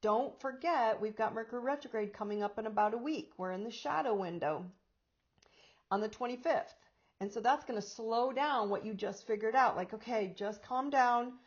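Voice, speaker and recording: A woman life coach talking casually to her viewers about anxiety, animated and quick to act out inner voices, with frequent laughs. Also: fairly high pitch, highs cut off. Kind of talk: casual spiritual talk to camera.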